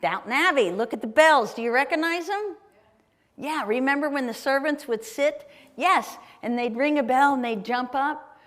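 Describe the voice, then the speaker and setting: A woman's voice: high voice, normal speed, fairly bright tone. A woman from Ohio giving a chatty, enthusiastic live travel talk with slides, often asking the audience questions. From Ohio, USA. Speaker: guest speaker. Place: performing arts center auditorium. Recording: long reverb of a large hall. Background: live audience in a hall.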